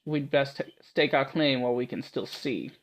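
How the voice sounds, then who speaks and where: A man's voice: mid-range voice, moderate pace, natural voice. A man voicing a bossy swordswoman, Scottish. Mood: stern. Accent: put-on Scottish. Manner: brusque, commanding. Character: gruff tough woman swordswoman, blunt and bossy. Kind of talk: reading a visual novel aloud.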